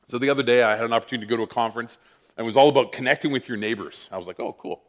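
Guy preaching, telling a funny story on himself, animated, jumps around a lot. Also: mid-range voice, rapid-fire. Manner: animated, self-mocking storyteller. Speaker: pastor. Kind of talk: sermon storytelling.

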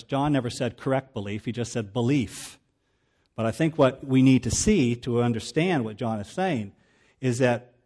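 A man's voice: mid-range voice, a little mellow. A male pastor preaching a sermon in a plain, conversational teaching manner with casual asides.

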